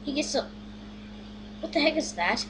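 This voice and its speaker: A young woman hosting a game video, chatting through her play in a bubbly, giddy way and squealing when excited. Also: high voice, normal speed. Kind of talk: excited gameplay commentary. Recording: steady noise behind the voice.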